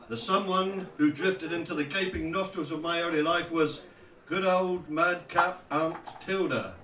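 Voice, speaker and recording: A man narrates a memoir in a wry, mocking storyteller's manner. His voice sits a little high and bright. The recording is roomy, with the mic some way off. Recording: roomy echo, distant from mic.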